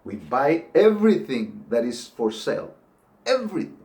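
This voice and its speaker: A man's voice: medium pitch, very animated, moderate pace, a little mellow. An older man giving an earnest, pleading monologue that rises into emphatic outbursts. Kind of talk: impassioned monologue to camera.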